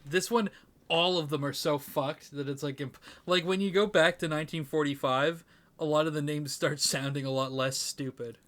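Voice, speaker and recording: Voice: mid-range voice, steady tone, moderate pace, a bit bright. A podcast co-host running a guessing game, teasing the other host and laughing often. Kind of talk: casual comedy podcast chat.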